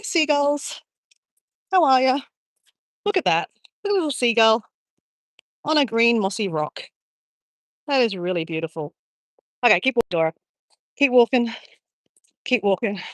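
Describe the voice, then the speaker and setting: A woman's voice: on the high side, lively intonation, moderate pace, pauses often, no echo, clean studio sound. A woman chatting to her live-stream viewers as she walks along a beach, rambling and greeting people by name. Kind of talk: casual live-stream chat. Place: outdoors on a beach.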